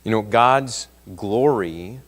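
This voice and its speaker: A man with a fairly low voice leads a Bible class in an easygoing, conversational way. His voice carries a long reverb from the church room, and he leans into his points with rising emphasis. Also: takes it slowly. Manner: conversational, reads scripture aloud with rising emphasis. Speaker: Sunday school teacher.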